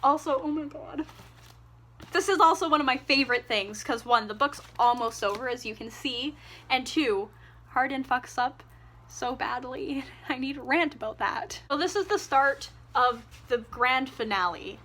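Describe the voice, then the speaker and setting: A woman's voice: sits high, normal speed, bright, forceful tone. A young woman giving a casual, ranting book review, exasperated and sarcastic, swearing freely.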